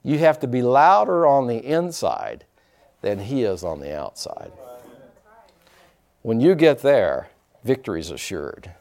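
A pastor delivering a sermon, preaching emphatically and breaking into dramatic shouts. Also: male voice, medium pitch, sing-song, unhurried, creaky, long pauses.

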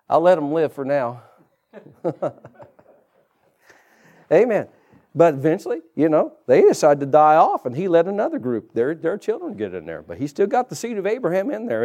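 A man preaching a sermon in church, animated and calling out to the congregation. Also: fairly high pitch, moderate pace. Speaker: pastor.

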